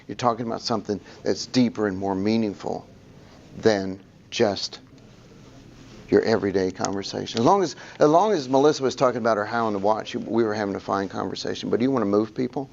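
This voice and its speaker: A man's voice: on the low side, fast, creaky, darkish tone, dull audio, slight background noise. A man presenting a public speaking workshop to a room, telling stories and acting out the people he quotes.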